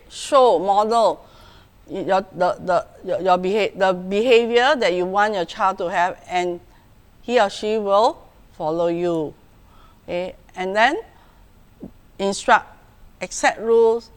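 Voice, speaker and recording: A woman's voice: mid-range voice, clear, resonant tone. A middle-aged woman with a Singaporean English accent, a school principal giving a virtual parenting talk, often checking in with "okay" and "right" and acting out how parents speak. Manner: frequent "okay" and "right" check-ins, acts out parent voices. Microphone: video call.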